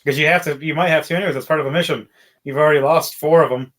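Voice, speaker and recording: A man running a tabletop game as game master, narrating with animated, laughing energy. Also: fairly high pitch, very fast.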